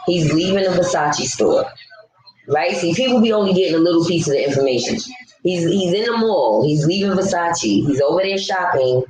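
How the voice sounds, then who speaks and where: On her live stream, this vlogger talks with viewers in an animated, lowish voice at a moderate pace. Blunt and prone to ranting, she answers chat comments on the fly, and her echoey room carries a faint background hum.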